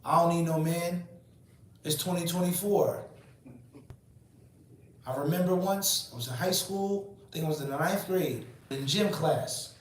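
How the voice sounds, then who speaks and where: Man, forties, religious teacher, emphatic, rhetorical questions, fairly high voice, very echoey room, distant mic. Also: measured pace, a little hiss or hum. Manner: asks rhetorical questions and answers them; emphatic and preachy. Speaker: Islamic teacher. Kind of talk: lecture.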